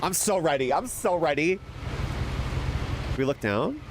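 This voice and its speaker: A man streaming a story game, chatting casually with viewers and reacting excitably, laughing and swearing. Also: a little high, unhurried, background noise. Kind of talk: casual gaming stream chat.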